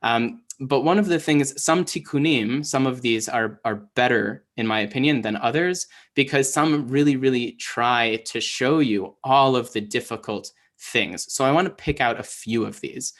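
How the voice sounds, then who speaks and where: A young man with a voice of ordinary pitch teaches Hebrew reading in an online class. He talks loosely and conversationally, full of "um" and "right?", often restarting his sentences. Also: normal speed, few pauses, a bit bright. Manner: casual, many fillers and restarts. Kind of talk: online lesson, explaining.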